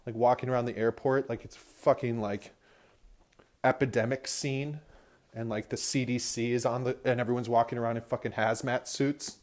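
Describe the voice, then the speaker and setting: Recorded from behind the wheel, a young man hosts his podcast with a rambling, casual rant packed with constant swearing. He speaks at medium pitch and normal speed in a steady tone. His manner is profane and ranting throughout.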